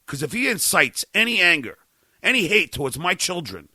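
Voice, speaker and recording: A man's voice: high-pitched, sing-song, moderate pace, vocal fry, slightly rough, no room sound. Furious stammering man ranting. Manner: stammering, furious, profane, shouting at times. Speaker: podcast host. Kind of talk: angry on-air rant.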